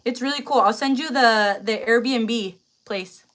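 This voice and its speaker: Chatty young woman, bright voice. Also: a little high, measured pace. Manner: emotional, close to tears; chatty, full of fillers and slang. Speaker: livestream host. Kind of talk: casual live stream chat.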